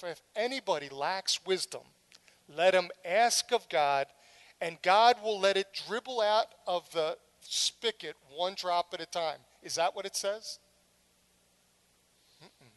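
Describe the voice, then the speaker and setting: A middle-aged woman delivers a sermon in a lively, storytelling manner. She acts out scenes with dramatic flair and drops wry humorous asides between her points. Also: on the low side. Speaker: preacher.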